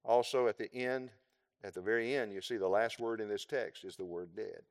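A man preaching a sermon, explaining scripture verse by verse with emphatic, drawn-out phrases. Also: fairly low pitch, fairly even intonation, in a large hall.

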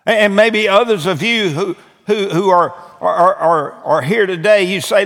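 A pastor preaches an earnest altar-call sermon in a church sanctuary, pleading and repeating words as he restarts phrases. His high-pitched voice is a bit bright and a little slow, with hardly any pauses, and the room adds long hall reverb.

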